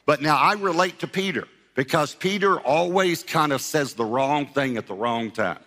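Animated man preaching in a reverberant hall. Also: a little high, normal speed. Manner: animated storyteller acting out scripture voices with humor. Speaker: pastor. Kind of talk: sermon.

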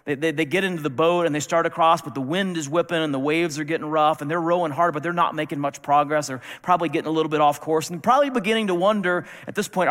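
A man's voice: on the high side, quick pace, hardly any pauses, a bit bright. Male preacher, conversational and wry, longish reverb of a large room. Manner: casual, wry asides, repeats words when restarting. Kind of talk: conversational sermon. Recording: long reverb of a large hall.

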